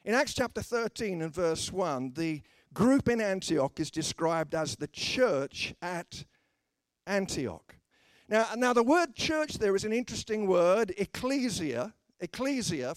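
Man, preacher, high voice, dry close sound, emphatic with jokey asides. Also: no room sound. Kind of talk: sermon.

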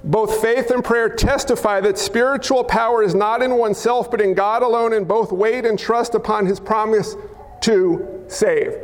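A male pastor preaching a sermon in a church hall, wearing a mic, animated and acting out crowd cries and quoted lines. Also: very high voice. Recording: long hall reverb.

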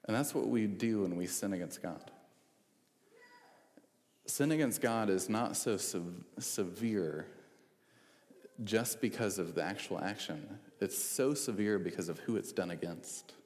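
Male preacher, low register, casual sermon delivery, long hall reverb. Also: unhurried, darkish tone. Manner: conversational with frequent fillers and restarts.

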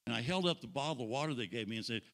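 A man preaching a sermon, dropping to hushed intimate tones and building up again, asking the congregation questions and joking with them. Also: medium pitch, animated, rapid-fire. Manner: dynamic pacing, drops to hushed intimate tones then builds.

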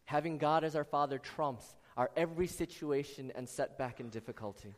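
Guy preaching a sermon in church, kinda high voice, long echo off the big hall. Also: brisk. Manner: earnest, addresses congregation members by name. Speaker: pastor. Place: church sanctuary.

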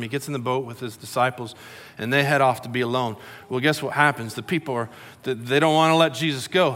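A man's voice: on the high side, fairly bright tone. A middle-aged man preaching a sermon in a conversational, storytelling way, acting out quotes. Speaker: pastor. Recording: long hall reverb.

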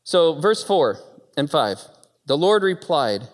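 A man preaching a sermon with animated storytelling and dramatic pauses, recorded in a church hall. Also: a little high.

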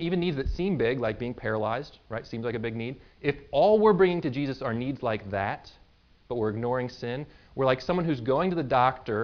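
A man preaching a sermon in a conversational way, explaining with everyday examples and quick asides. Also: medium pitch, lo-fi sound. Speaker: pastor.

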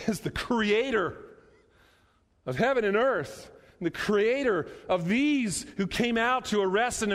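A man preaching a sermon, emphatic, repeating phrases and slowing down to stress key words. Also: sits high. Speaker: pastor. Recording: long hall reverb.

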